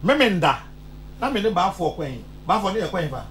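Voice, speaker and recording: A man's voice: sits high, very animated, a little fast, a bit bright, a little hiss or hum. A man with a Ghanaian accent hosting a radio show, in casual, teasing chat.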